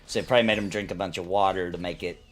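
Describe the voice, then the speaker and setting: A man in his thirties hosting a casual gaming chat, telling an anecdote in an animated way, often tossing in "you know what I mean.". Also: deep voice, very fast, slight background noise. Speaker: host.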